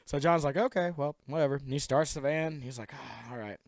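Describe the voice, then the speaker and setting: In this clip, a young male co-host spins a rambling, laughing story on a podcast, doing goofy voices when he quotes people. The voice is medium-pitched, brisk, and gravelly, captured at studio quality with no echo.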